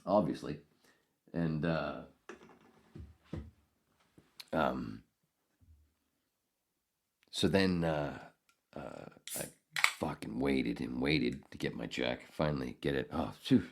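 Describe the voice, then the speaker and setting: A man's voice: rumbling low, takes it slowly, vocal fry, long pauses, darkish tone, slight background noise. An older man hosting a podcast, telling a rambling, profane story in a casual, ranting way. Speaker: podcast host.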